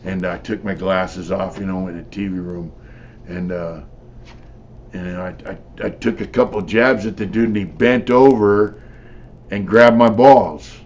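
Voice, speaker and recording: A man's voice: low voice, steady tone, unhurried, a little mellow, dull audio, slight background noise. An older man, a former prisoner, telling his stories in a blunt, profane, rambling way with lots of "you know.". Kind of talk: casual storytelling.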